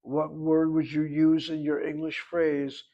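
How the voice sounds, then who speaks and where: Male teacher, slightly high pitch; patient, long-winded explainer who keeps posing questions to the class. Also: completely flat delivery, a little slow, highs cut off. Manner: patient, explains at length, asks rhetorical questions. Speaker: Hebrew instructor. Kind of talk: online language class.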